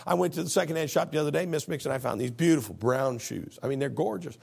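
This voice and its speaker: Male pastor, gravelly and husky, folksy emphatic sermon delivery. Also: fairly high pitch, fast, a little mellow. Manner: folksy, emphatic preaching, reads scripture aloud.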